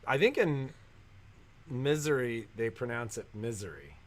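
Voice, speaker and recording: A man's voice: medium pitch, big pitch swings, moderate pace, bright, forceful tone. A man co-hosting a casual livestream, telling wry stories and dropping dry jokes. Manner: wry storyteller, dry jokes, laughs at his own stories. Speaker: livestream co-host.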